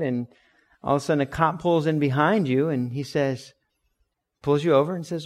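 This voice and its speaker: A man's voice: on the high side, moderate pace. A man preaching in a conversational way, explaining scripture with everyday examples and acted-out quotes. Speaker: pastor. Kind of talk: sermon.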